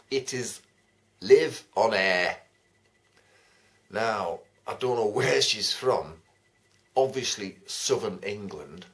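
A man chatting casually to camera as a vlogger, laughing often and swearing freely. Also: fairly low pitch. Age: adult, writing a second novel. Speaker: vlogger giving shout-outs.

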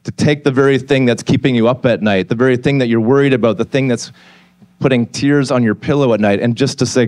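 A pastor in his forties preaches from a church stage at an ordinary, mid-range pitch for a man. He tells his story in a candid, conversational way and then turns to an earnest appeal. The sound is dry and close, with very little room echo. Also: fairly even intonation, fast talker, darkish tone. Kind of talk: sermon.

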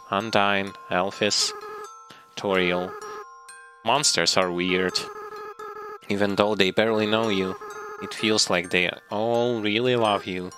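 A man voicing a tearful, remorseful young goat-monster boy as he reads game dialogue aloud in a slow, earnest way over gameplay. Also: on the low side. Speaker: let's play gamer. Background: game music.

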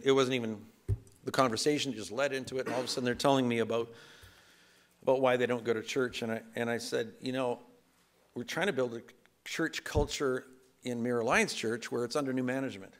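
Guy pastor giving a chatty sermon, bit of gravel in the voice, pokes fun at himself. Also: medium pitch, a bit bright. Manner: conversational and self-deprecating, with laughs and acted asides. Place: church sanctuary.

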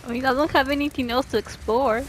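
A woman's voice: high-pitched, steady tone, quick pace, a little hiss or hum. A woman streaming a video game, reacting in an emotional, gushing way, swearing and laughing a lot. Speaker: gameplay streamer. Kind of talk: live gameplay reaction.

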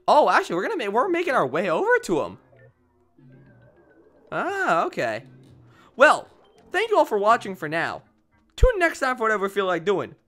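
Sarcastic male gaming streamer, mid-pitched, very animated swings, game music faint behind. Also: moderate pace, pauses often. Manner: mocking, sarcastic, laughs a lot. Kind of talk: let's play commentary.

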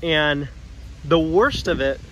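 A man with a fairly high voice chats casually and animatedly about his pickup, full of slang. He talks straight to his viewers from outdoors. A faint outdoor hum sits behind him. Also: slow, a bit bright. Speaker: truck vlogger. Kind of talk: casual vlog talk.

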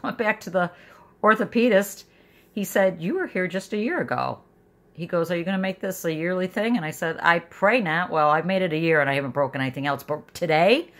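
Middle-aged woman, low voice, emotional rambling vlog diary, frustrated. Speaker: vlogger. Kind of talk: personal video diary.

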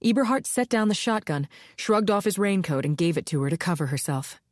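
A woman reads audiobook narration in a measured, even way. Her voice sits on the low side and the studio recording is dry and close. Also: no echo. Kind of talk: scripted narration.

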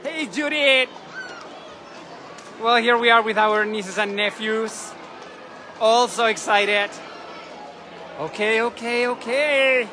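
A man, excitedly narrating a live vlog from a city balcony outdoors. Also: very high voice, slow pace, pauses often. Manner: gushing, excitable, chatty. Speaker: travel vlogger. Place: city balcony outdoors over a parade street. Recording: loud crowd and street noise outdoors. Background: crowd cheering, church bells.

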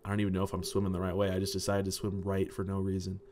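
A man giving jokey, excitable commentary while playing a game, swinging from loud outbursts to hushed muttering. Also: sits low, very fast, background noise. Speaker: gaming video creator. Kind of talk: let's play commentary.

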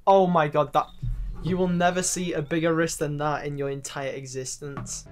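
A young man giving excitable, profanity-laced commentary over his own gameplay clips. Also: a little high, moderate pace. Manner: excitable, swears freely, loud exclamations. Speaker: gaming YouTuber. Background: faint background music.

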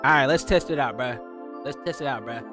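A young food reviewer does a casual taste-test vlog, talking in slangy, excitable bursts while swearing and repeating himself. His mid-range voice is brisk, with music playing in the background.

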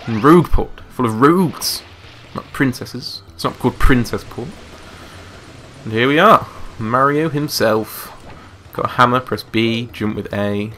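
A man's voice: mid-range voice, measured pace, bright, forceful tone, slight background noise. A man giving chatty, joking commentary over a video game. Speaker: let's play commentator.

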